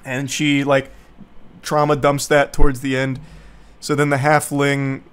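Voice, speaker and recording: A man's voice: medium pitch, completely flat delivery, measured pace, a bit bright, clean tone. A young man streaming, casually recapping a bad movie to his viewers in a sarcastic, profane, rambling way.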